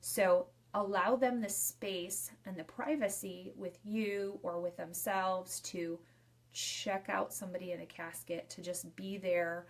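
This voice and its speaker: A woman's voice: on the low side, fairly even intonation, a little slow. Young woman funeral director, casual live-video advice, repeats points in loose lists. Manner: chatty and repetitive, restating points in loose lists.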